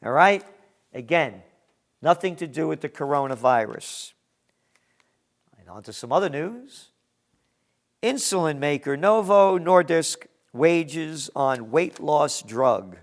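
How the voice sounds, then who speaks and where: A man's voice: fairly high pitch, lively intonation, slow pace, pauses often. A man hosting a news commentary monologue, reading headlines and adding emphatic, sarcastic asides.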